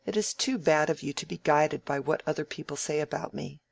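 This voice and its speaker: A reader voicing a young gentleman who is idle and quick to take offence, pressing his point with emphasis. The voice sits at the reader's ordinary middle pitch, with a gravelly grain, on a dry, close recording. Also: no room sound. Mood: sulky. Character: idle, good-humoured young gentleman, easily piqued. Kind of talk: audiobook dialogue reading.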